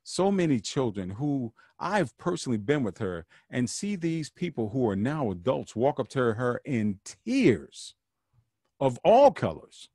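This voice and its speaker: A man's voice: medium pitch, big pitch swings, unhurried, warm tone, slightly rough, no room sound, clean studio sound. A man hosting a podcast, talking alone with an earnest, preachy manner and repeating phrases for emphasis. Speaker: podcast host. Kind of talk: solo podcast monologue.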